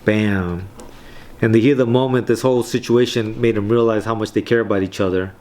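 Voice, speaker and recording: A man's voice: fairly low pitch, fairly even intonation, fairly quick, a little mellow. A man hosting a comic book reading, talking casually with slang and swearing, often checking in with "right?". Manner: loose slangy talk, swears, keeps asking "right?". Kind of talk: casual commentary on comic panels.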